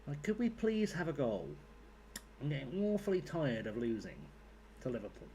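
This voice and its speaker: A man's voice: a little high, very animated, moderate pace, warm tone, a little hiss or hum. A man giving casual, rambling commentary while playing a game, swearing freely. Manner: rambling, sweary, chatty asides. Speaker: gaming YouTuber.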